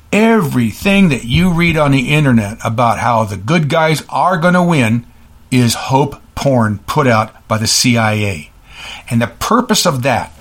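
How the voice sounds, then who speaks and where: A man's voice: medium pitch, fairly bright tone. Scornful man ranting on a talk show. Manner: scornful, ranting, quick bursts with restarts. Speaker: host. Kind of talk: political commentary monologue.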